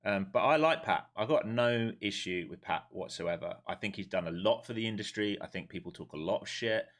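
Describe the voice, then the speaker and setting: Man, lowish voice, live trading stream commentary, blunt, swears, wound up, answers his own questions. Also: a little fast, fairly bright tone. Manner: wound up and emphatic. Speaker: live-streaming day trader.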